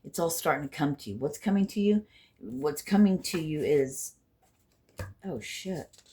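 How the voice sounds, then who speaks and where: A woman's lowish voice leads a casual spiritual card reading straight to her viewers. Her pitch leaps all over the place as she rambles and swears freely. She shifts from loud, punchy bursts to near-whispered asides. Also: animated, unhurried, a little hiss or hum. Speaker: intuitive card reader and healer.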